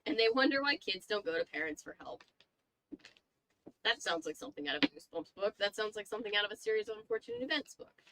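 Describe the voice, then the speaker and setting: A woman's voice: mid-range voice, fast talker, background noise. A young woman reading a spooky book aloud and chatting casually with viewers. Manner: chatty, reacts to chat, swears casually.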